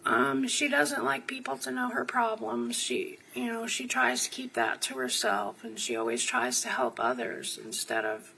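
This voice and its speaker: A woman's voice: a little high, lively intonation, moderate pace, gravelly, few pauses, pushed and bright, slight background noise, poor audio. A woman from New Jersey testifying as a witness in a courtroom, giving short answers and then rambling through long stories.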